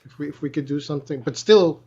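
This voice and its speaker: A man's voice: on the high side, quick pace, warm tone, slightly rough. Playful man, dull lo-fi sound. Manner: playful, teasing. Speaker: panelist. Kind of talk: casual livestream chat.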